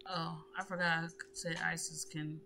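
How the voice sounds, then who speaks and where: A woman's voice: sits low, flat delivery, normal speed, gravelly, sharp tone, a little hiss or hum. Chatty woman narrating her gameplay. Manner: chatty, slangy, addresses viewers as y'all. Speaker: gaming YouTuber. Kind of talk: casual gameplay commentary. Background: music.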